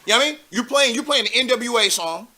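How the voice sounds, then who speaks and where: A man hosting a live call-in show, chatting casually in slang and getting animated as he tells stories. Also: very high-pitched, fast talker. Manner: animated, slangy, laughs while telling stories.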